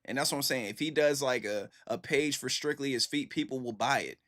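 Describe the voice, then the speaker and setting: A man's voice: medium pitch, fairly quick, fairly bright tone. Male streamer host, easygoing and repetitive, middle voice, casual reaction chat. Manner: laid-back, repetitive, peppered with "man".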